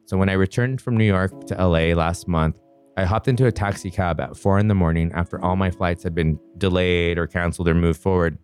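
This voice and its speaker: A man earnestly recounting a personal story in an interview, reflective and quick-flowing. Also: sits low, fairly even intonation, darkish tone, soft background music.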